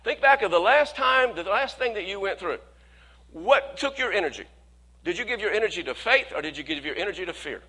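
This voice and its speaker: Bright-voiced, high-pitched male preacher. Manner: conversational preaching with frequent repeated words and quick laughs; speeds up when quoting worried people, slows to stress key words. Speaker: pastor. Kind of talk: sermon.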